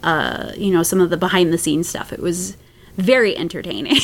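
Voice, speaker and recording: A woman talking as a podcast guest in a casual chat, laughing often and pausing on fillers. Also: on the low side, animated.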